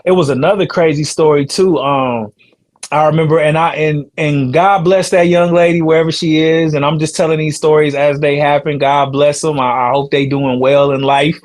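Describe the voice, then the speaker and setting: A man in his thirties hosting a podcast, telling stories in a relaxed, slangy way with laughs between lines. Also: fairly high pitch, moderate pace. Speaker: podcast host and rapper. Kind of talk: casual storytelling chat.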